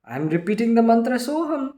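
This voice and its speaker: An irritated ancient king scolds loudly in a high voice, as a male reader puts him on. His pitch rises and falls widely as he demands answers. It is a storybook moment in a spiritual reading. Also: very animated, quick pace.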